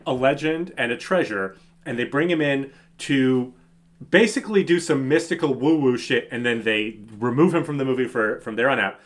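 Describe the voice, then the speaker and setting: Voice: mid-range voice, normal speed. A podcast co-host recapping a movie in incredulous, swearing casual chat.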